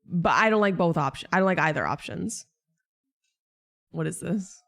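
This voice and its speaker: A woman's voice: fairly low pitch, lively intonation, normal speed, creaky, a bit bright. A young woman streamer venting to her viewers in casual chat, exasperated, swearing and rambling.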